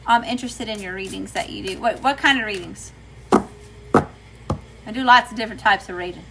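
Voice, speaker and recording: Casting: folksy Southern woman, tarot livestreamer, bright tone, faint room noise. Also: mid-range voice, normal speed, low-quality recording. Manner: chatty, folksy, says y'all often. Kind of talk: casual livestream tarot reading, greeting chat.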